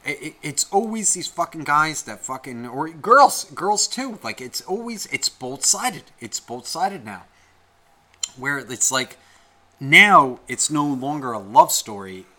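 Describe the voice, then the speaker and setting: A man's voice: on the high side, sing-song, measured pace, pushed and bright. A young man co-hosting a podcast, ranting in a heated, rambling way and swearing constantly. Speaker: podcast co-host. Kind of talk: casual podcast rant.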